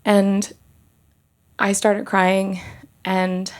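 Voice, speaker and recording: A woman doctor telling a personal story in an earnest, halting way, with pauses and restarts. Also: fairly low pitch, fairly even intonation, gravelly.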